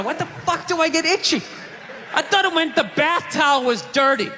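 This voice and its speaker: Performing stand-up on a theater stage before a live audience, a man rants in a profane, exasperated way. His voice is very high-pitched, animated, and fairly quick, and the live recording carries crowd noise and reverb.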